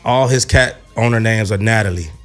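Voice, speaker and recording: A man's voice: on the low side, a little fast, fairly bright tone, faint music behind. Young male co-host for casual radio banter, loose and joking, swears freely, reads the questions. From Gary, Indiana.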